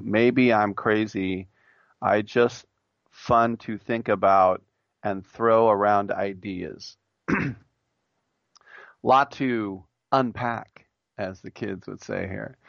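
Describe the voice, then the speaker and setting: A man's voice: on the low side, no room sound, muffled recording. A man hosting a sports talk radio show, reading a listener's idea aloud and then giving his blunt, joking opinions on it. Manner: jokey, mimics imagined voices.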